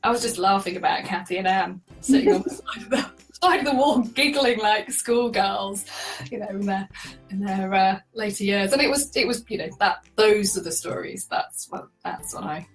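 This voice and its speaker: A chatty woman shares her stories as an interview guest, lively and quick to laugh. She sits a little back from the mic, and faint music plays underneath. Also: medium pitch, recorded from a distance, poor audio. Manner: chatty, animated, laughs often. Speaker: guest, solo cyclist. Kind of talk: conversational interview storytelling.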